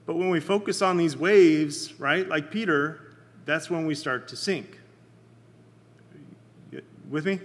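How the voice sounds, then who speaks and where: A man leading a Bible study in a casual, conversational sermon, often checking in with his listeners and pausing with fillers. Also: a little high, long reverb tail. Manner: halting, many fillers and restarts.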